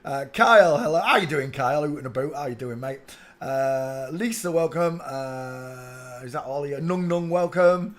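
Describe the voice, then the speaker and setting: A man's voice: mid-range voice, unhurried. A man from England with a Northern English accent, hosting a casual livestream and chatting, humming and muttering to himself while he works. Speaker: livestream host.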